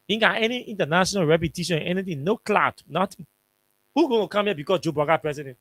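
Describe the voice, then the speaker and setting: A middle-aged Liberian man hosts a talk show, telling a political story with lots of emphatic repetition. His voice sits high for a man. The recording is close and dry, with no room sound. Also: animated, fast talker, a bit bright, no echo. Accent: Liberian English. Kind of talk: political commentary monologue.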